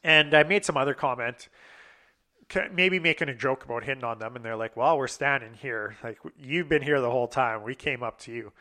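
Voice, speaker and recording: Young guy with a bright, punchy voice; loose, profane storyteller who plays out every quoted line. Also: mid-range voice, fairly quick. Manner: profane, rambling, acts out quoted lines. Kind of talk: casual personal anecdote.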